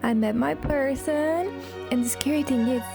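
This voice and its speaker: A woman's voice: high voice, normal speed. Young female voice-over from Croatia, reflective, candid, music bed. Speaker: vlogger. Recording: music clearly behind the voice.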